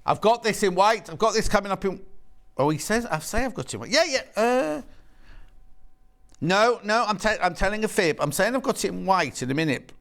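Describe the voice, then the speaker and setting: In a TV studio, a man presents on a live shopping channel with a high, sing-song, creaky voice that's fairly bright and brisk. He gushes over fabrics, chats, and jokes with the crew behind the camera.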